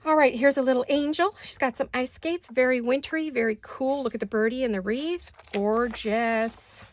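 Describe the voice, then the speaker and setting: A woman's voice: high voice, moderate pace. Gushing woman showing off craft papers. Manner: gushing, enthusiastic, repeats praise words. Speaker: crafting channel host. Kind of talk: casual show-and-tell chat. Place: home craft studio.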